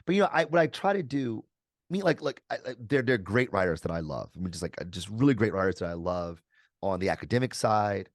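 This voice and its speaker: A man with a fairly low, dry-sounding voice talks as a guest on a video call. He is energetic and articulate, mixing in casual slang as he explains his ideas. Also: fast, no echo. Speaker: guest author. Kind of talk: conversational interview answers.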